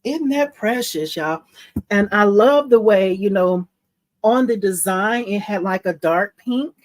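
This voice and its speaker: A woman chats slowly and easily to her live-stream viewers, saying "y'all" often. She squeals and laughs when something looks cute, then settles into patient explaining. The sound is dry and close, with no room around it. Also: mid-range voice, expressive, dry recording. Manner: reads viewer comments aloud. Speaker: livestream host showing embroidery. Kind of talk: casual live-stream chat.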